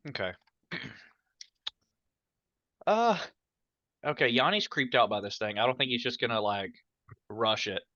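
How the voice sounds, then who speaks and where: A man playing a tabletop game who talks hesitantly, filling his sentences with "like" and restarts. His voice has a bright, forward edge. The recording sounds dry and muffled, as if from a lo-fi mic. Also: medium pitch, expressive, a little slow, long pauses, no room sound. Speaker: player. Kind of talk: casual tabletop game chat.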